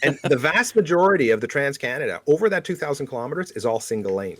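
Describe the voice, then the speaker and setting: A man's voice: medium pitch, fast. A man co-hosting a podcast, telling road trip stories casually and acting out the people he met. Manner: animated storyteller, acts out quotes. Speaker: podcast co-host. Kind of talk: casual storytelling chat.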